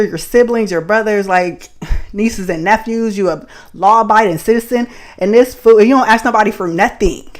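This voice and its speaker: A woman from the Bay Area hosting a podcast, telling a story in a blunt, profane, animated way and laughing often. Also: medium pitch. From San Francisco Bay Area. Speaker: podcast host. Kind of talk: casual storytelling monologue.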